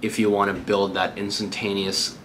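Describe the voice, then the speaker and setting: A real estate agent gives a casual, upbeat tutorial on cold calling between live calls. His lowish voice is level and a bit bright, at normal speed, with a little hiss or hum in the recording.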